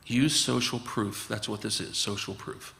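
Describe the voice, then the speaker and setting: A man's voice: lowish voice, fairly even intonation, normal speed, vocal fry, sharp tone, in a large hall. A man, a physician guest, talking earnestly and explaining his approach, often acting out conversations with patients. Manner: earnest, acts out dialogues with patients.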